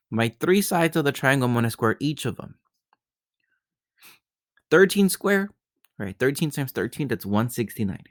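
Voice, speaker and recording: In a recorded math lesson, a male teacher works through geometry problems step by step, often repeating himself and checking in with "right?". His voice is medium-pitched, and the sound is clean studio quality with no echo.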